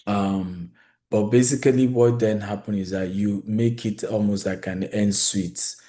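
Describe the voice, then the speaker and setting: A man's voice: lowish voice, steady tone, measured pace, mellow. A man hosting a real estate webinar, talking to viewers in a conversational way and repeating his key points. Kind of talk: live webinar presentation.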